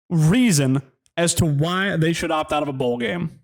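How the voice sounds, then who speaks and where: A man's voice: expressive, normal speed, gravelly. A man hosting a college football podcast, ranting heatedly and mockingly, then winding down into a rambling sign-off with many ums. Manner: heated, ranting, mocking, pitch jumps when worked up. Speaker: sports podcast host. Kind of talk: solo sports rant.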